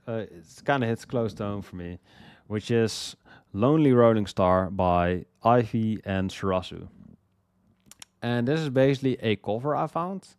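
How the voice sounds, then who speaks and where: A young man casually talking through his favorite songs, rambling, repeating words and swearing as he gets excited. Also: lowish voice, moderate pace, clear, resonant tone, no echo. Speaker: music list host. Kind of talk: casual music commentary.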